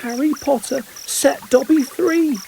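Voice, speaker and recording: A man voicing a small, excitable male house-elf who talks about himself in the third person. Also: very high voice, measured pace, gravelly, slight background noise, pitched above the performer's own voice, exaggerated voice, poor audio. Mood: earnest.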